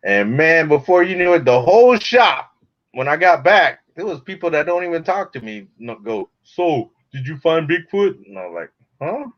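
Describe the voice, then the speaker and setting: A man's voice: on the high side, big pitch swings, normal speed. A man telling a laid-back, slangy story in casual chat. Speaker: guest. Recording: dull lo-fi call audio.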